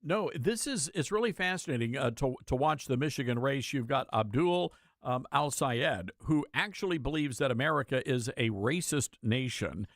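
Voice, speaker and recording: A male talk radio host chats in an opinionated, conversational way with a sarcastic edge. His voice is mid-pitched and sits close and dry. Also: animated, normal speed, dry recording.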